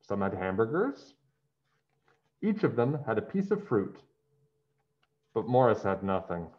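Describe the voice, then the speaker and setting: Slow, animated man reading a storybook. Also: on the low side. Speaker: storybook reader. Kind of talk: children's story read-aloud. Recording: dull lo-fi sound.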